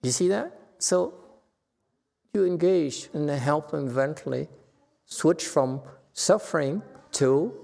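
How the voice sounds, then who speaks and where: This meditation teacher's voice is fairly high, slow, and marked by vocal fry and long pauses. Giving a Dharma talk in a temple hall full of long reverb, he addresses the class earnestly and becomes more emphatic and animated, with laughs.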